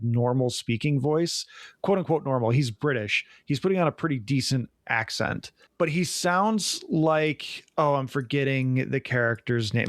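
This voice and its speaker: A man's voice: medium pitch, no room sound, studio quality. A young adult man co-hosting a podcast, reviewing a film in casual, rambling chat full of "like". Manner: rambling, enthusiastic, many "like"s. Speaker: podcast co-host.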